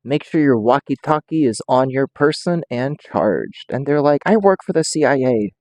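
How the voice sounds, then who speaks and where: A man's voice: mid-range voice, expressive, moderate pace, heavy background noise. A young man giving casual, rambling reaction commentary, joking around and swearing freely. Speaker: reaction streamer.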